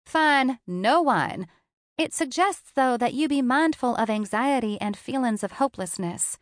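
An encouraging female best friend, as a woman narrator puts her on, bright and emphatic. The lines lift noticeably above the reader's own voice and land with energy. The recording is dry and close. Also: high voice, lively intonation, measured pace, no echo, pitched above the performer's own voice. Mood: teasing. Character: supportive upbeat female best friend, teacher. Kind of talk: audiobook character voice.

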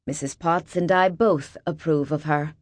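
A woman voicing a kindly, soft-spoken aging male millionaire. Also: low-pitched, steady tone, measured pace, no room sound.

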